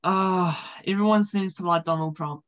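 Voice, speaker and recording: A man's voice: sits high, steady tone, moderate pace, a bit bright, poor audio. A man, chatting casually in an interview, with frequent ums and uhs. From New Zealand. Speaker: podcast host being interviewed.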